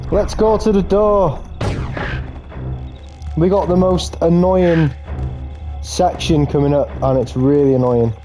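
A young man hosting his own gaming channel, giving an excitable let's play commentary with plenty of swearing and shrieks when things go wrong. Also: fairly high pitch, slow, pauses often. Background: game music.

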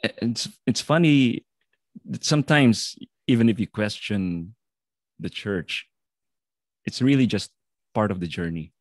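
A man hosting a podcast interview who gives many short murmured replies and asks questions in a soft-spoken way. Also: lowish voice, measured pace, long pauses, no room sound, studio quality. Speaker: podcast host.

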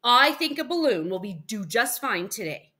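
A fretful, exasperated mom from a storybook, as a woman reads her out, with a voice pushed high and tight with worry. She complains in a rising, bright tone. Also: sing-song, moderate pace.

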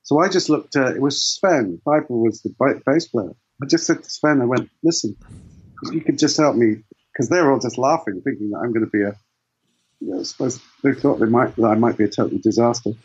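A man's voice: medium pitch, fairly quick, breathy edge, muffled recording. A man, a guitarist guest in an interview, telling long rambling anecdotes with many restarts. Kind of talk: casual storytelling interview.

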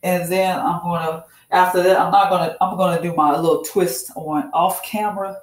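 A woman's voice: on the low side, steady tone, normal speed. A woman chatting casually through a hair care tutorial, repeating herself and calling her viewers y'all. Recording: echoey room.

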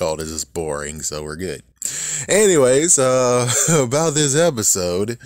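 A man's voice: fairly low pitch, no room sound, clean studio sound. A man in his thirties ranting casually about a show, rambling and swearing, with frequent laughs. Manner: rambling, profane, laughs often. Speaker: YouTube show reviewer. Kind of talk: casual rant.

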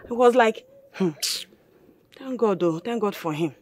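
Old igbo village mum, eh and hey all the time, middling voice. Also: female voice, medium pitch, animated, a little slow, darkish tone. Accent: Nigerian, Igbo. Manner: fussy, full of exclamations. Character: worried old village mother. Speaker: village mother. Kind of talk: Nollywood film acting.

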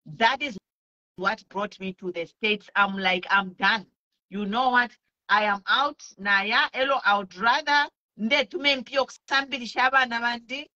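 Earnest Zambian woman, bright voice. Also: a little high. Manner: earnest, pleading, switches languages mid-sentence. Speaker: speaker sharing testimony. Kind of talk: personal testimony mixing English and Bemba.

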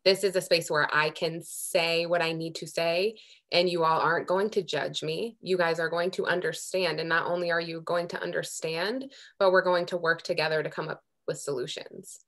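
At a public meeting, a working group co-chair, a young woman from Amherst, Massachusetts, speaks with earnest emotion, frequently starting her sentences over. She talks at a moderate pace in a steady, slightly bright, lowish voice.

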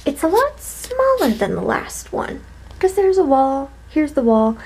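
A woman's voice: high-pitched, sing-song, measured pace, a little mellow. Tired, chatty young woman vlogging. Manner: chatty, tired, self-deprecating asides. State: tired and yawning. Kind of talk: casual vlog, hotel room tour. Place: small hotel room, indoors.

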